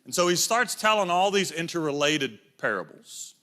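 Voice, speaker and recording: A man's voice: fairly high pitch, sing-song, normal speed, bright, forceful tone. A middle-aged man preaching a sermon in a church, telling stories and acting out voices in quotes. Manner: storytelling, acts out voices in quotes.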